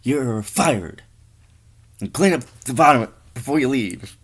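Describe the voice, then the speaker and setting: A man's voice: medium pitch, animated, slow pace, slightly rough, pitched above the performer's own voice. A man voicing a pompous male liquor store boss who lectures his staff in a stiff, self-important way.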